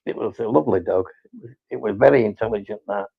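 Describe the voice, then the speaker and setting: A man's voice: on the low side, fast talker, vocal fry, slightly rough, muffled recording. A man chatting casually on a live stream, rambling and swearing as he teases his pet.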